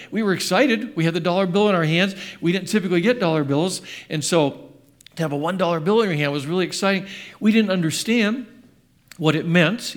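An older male pastor preaches in church, slipping between fond family memories and questions to the congregation. His voice sits a little high for a man. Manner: storytelling, quizzes the congregation. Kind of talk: sermon with personal stories.

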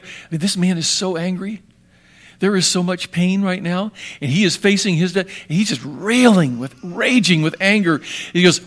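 A man preaching a sermon with dramatic swings between hushed and emphatic delivery. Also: sits high, moderate pace.

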